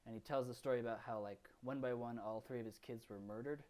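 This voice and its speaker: A man's voice: medium pitch, fairly even intonation, fast talker, darkish tone. A man co-hosting a podcast, recapping films in casual, rambling chat full of fillers and restarts. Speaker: podcast co-host.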